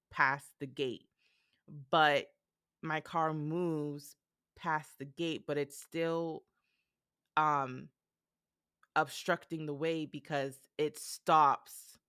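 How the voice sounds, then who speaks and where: A young adult woman hosting a podcast, telling a personal story in a casual, animated way and acting out the dialogue. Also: sits low, dry recording, clean studio sound. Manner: animated, retells events with quoted dialogue. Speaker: podcast host.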